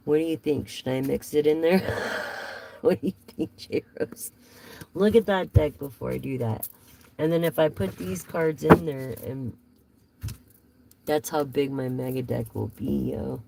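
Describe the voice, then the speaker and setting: A woman's voice: low-pitched, unhurried, vocal fry, warm tone, a little hiss or hum, poor audio. A woman giving a casual live tarot reading, chatty and rambling as she talks straight to her viewers. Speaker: tarot reader.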